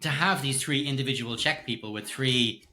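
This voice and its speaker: A middle-aged man in a casual film review chat on a podcast. His tone is bright and forward, and he laughs and swears easily as he talks. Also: mid-range voice, moderate pace. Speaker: podcast co-host.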